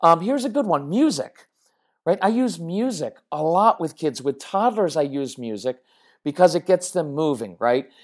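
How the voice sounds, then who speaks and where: A woman's voice: low voice, lively intonation, normal speed, a little mellow. A middle-aged woman speaking as a parenting coach, talking to listeners in a conversational, emphatic way that keeps checking in with them. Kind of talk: direct-to-camera parenting talk.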